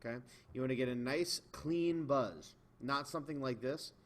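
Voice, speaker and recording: A man of ordinary pitch gives a patient, step-by-step video lesson to beginning players. He demonstrates as he talks, with relaxed fillers and gentle checks for understanding. A faint hiss of noise sits under the recording. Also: moderate pace. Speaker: music teacher. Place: indoors, in front of a camera.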